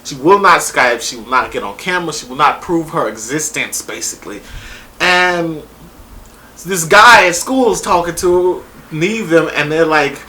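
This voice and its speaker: A man casually reviewing a reality show on his vlog, rambling and excitable and swearing freely. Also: a little high, normal speed.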